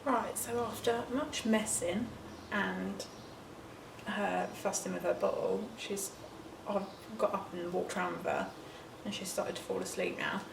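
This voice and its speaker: A woman's voice: medium pitch, fairly even intonation, a little slow, vocal fry. A young English woman, a first-time mum, chatting casually to camera at home, rambling and sometimes whispering. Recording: noisy home recording.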